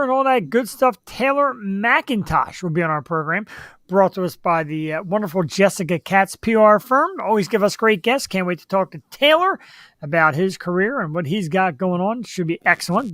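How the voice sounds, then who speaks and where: A man co-hosting a live web talk show, upbeat and chatty, reading out viewer shout-outs and upcoming guests. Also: high voice, no room sound. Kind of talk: casual live-show chat and announcements.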